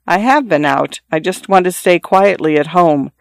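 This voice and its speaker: A man's voice: high voice, normal speed, vocal fry, dry recording. A man voicing a young wife who answers in short, withdrawn replies. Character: young wife, quiet and reserved.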